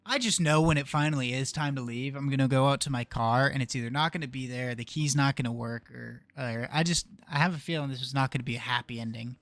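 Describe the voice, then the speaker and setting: A young man with a mid-range, fairly bright voice gives casual let's play commentary on a puzzle game as a gaming video creator. He talks quickly with few pauses, thinking aloud and muttering to himself, with no room sound.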